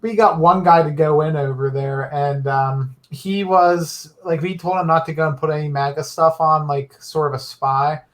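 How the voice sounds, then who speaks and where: A man's voice: on the high side, fairly even intonation, normal speed, hardly any pauses. A young man on a podcast, explaining things casually with plenty of fillers. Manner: loose, filler-heavy explaining.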